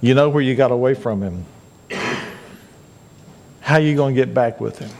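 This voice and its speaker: A man's voice: mid-range voice, moderate pace, gravelly, darkish tone. A male pastor preaching a sermon, earnest and repeating his points to urge listeners. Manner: earnest, repetitive exhortation.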